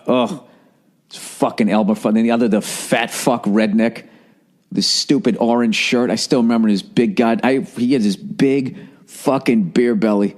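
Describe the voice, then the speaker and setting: A man's voice: lowish voice, darkish tone. A man hosting a podcast, telling a comedic story in a profane, ranting, self-mocking way. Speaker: podcast host.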